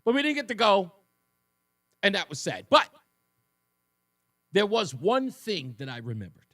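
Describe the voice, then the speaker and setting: A man in his fifties hosts a talk radio show, telling personal stories in a high, lively voice that leaps up and down. He slips in sarcastic asides. The studio sound is dry and close. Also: unhurried, no echo. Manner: animated storytelling with sarcastic asides. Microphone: studio microphone.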